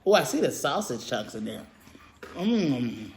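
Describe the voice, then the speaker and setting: A woman with a rumbling low, sing-song voice talks fairly quickly while hosting a casual mukbang eating vlog indoors at home. She gushes over the food, full of fillers and mm sounds. The room is echoey, with a little hiss or hum.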